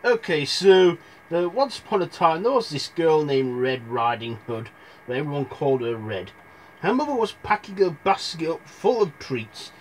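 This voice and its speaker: A man's voice: on the high side, lively intonation, moderate pace. A young man telling fairy tales in a rambling, irreverent comic retelling, full of asides. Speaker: storyteller.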